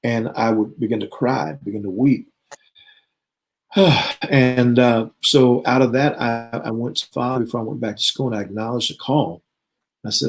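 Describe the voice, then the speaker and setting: An earnest man in his fifties recounts his own testimony as a guest bishop. His pitch sits right in the ordinary middle for a man, and he slips into remembered dialogue as he tells it. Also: steady tone, moderate pace, slight background noise, rough recording. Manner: earnest storyteller who acts out remembered dialogue. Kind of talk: personal testimony in conversation.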